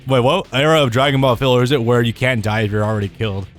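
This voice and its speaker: A man's voice: medium pitch, fairly even intonation, quick pace. A man hosting a live let's play, chatting casually while he plays, swearing and laughing as he goes. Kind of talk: live gameplay commentary. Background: faint game music.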